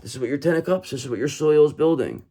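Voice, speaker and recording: Talking fast with a warm tone and lively intonation, a man with a fairly high voice gives a tarot reading to his audience. He stresses his points, says things twice for impact, and tosses in "okay?" and "brother" to check on viewers.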